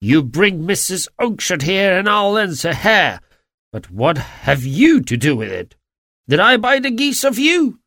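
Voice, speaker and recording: A man's voice: high-pitched, sing-song, slow pace, no room sound, clean studio sound, pitched above the performer's own voice, exaggerated voice. Man playing a blustering surly goose salesman. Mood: furious. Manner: loud, blustering. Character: surly, hot-tempered male market salesman.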